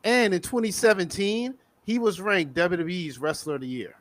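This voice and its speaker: A man's voice: high voice, moderate pace. A man hosting a wrestling podcast, reeling off championship records with joking asides. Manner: reels off stats, lively and joking. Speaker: podcast host. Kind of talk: casual wrestling debate.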